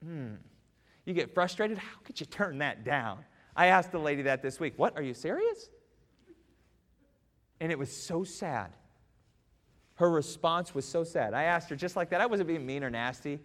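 Male pastor preaching slow, voice a bit high, big echoey church hall. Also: lively intonation. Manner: rises to loud impassioned preaching, then drops soft. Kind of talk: sermon. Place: church sanctuary. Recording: long church hall reverb.

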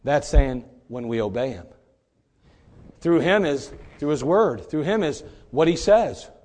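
A man preaching a sermon, animated, moving from quiet asides to loud shouting and firing rhetorical questions at the congregation. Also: a little high, unhurried.

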